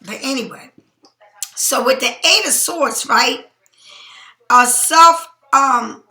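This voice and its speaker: Woman tarot reader, casual reading, high bright voice, blunt and profane, a bit sleepy, echoey room. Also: slow. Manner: blunt, emphatic, swears freely. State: sleepy, yawning.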